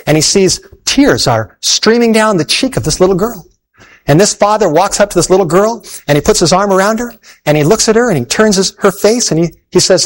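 Male preacher, earnest, folksy storytelling, fairly high voice, sermon. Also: rough recording.

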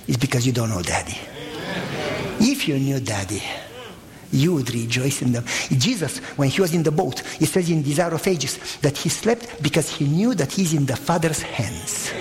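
A man preaching a sermon, emphatic and animated, acting out voices as he tells stories. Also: fairly high pitch. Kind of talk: sermon with dramatic storytelling. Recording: long reverb of a large hall.

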